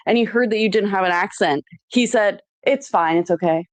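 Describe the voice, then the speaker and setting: A young woman telling a family story in casual chat, plain and steady. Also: mid-range voice, fairly quick, dry recording.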